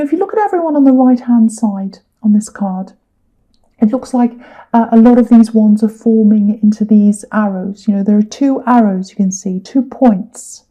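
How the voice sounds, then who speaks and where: Woman tarot reader, very mellow tone, slightly high voice, chatty with fillers. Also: poor audio. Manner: chatty, with fillers and repeated words. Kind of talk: casual tarot reading.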